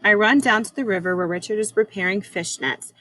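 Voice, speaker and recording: A woman teacher reads a chapter book aloud to her class. Her reading is measured and unhurried, with now and then a small slip. Her voice sits at a middling pitch. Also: pushed and bright, a little hiss or hum, low-quality recording.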